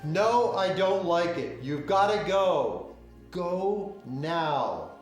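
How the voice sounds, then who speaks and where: An actor playing a stiff man ordering a woman to leave, slow, emphatic and stilted. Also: high voice, very animated, exaggerated voice. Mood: insistent. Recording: very reverberant film audio with music.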